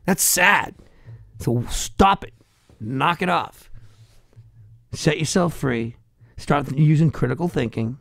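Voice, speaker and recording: Boston guy, middle-aged, swearing nonstop, gravelly and kinda high, dry close sound. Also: expressive, slow pace, pauses often, fairly bright tone, dry recording. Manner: profane, heated, rambling rants. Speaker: podcast guest, hardcore musician. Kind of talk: ranting casual chat.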